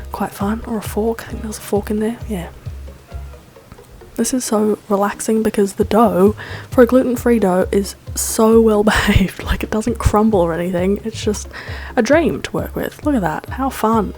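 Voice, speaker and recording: A woman's voice: mid-range voice, darkish tone. A woman hosting a vlog, first narrating a film essay, then chatting enthusiastically through a recipe with fillers and laughs. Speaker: vlog host.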